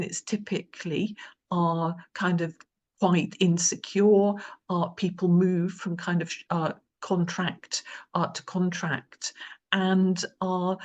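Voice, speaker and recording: Woman panel chair, low-pitched and slow, hesitant delivery. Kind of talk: panel discussion moderating.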